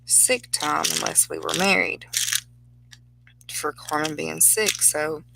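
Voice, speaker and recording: Gravelly woman telling a story. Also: low-pitched, slow, heavy background noise. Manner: chatty, rambling anecdote with laughs. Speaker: crafting vlogger. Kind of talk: casual storytelling while crafting.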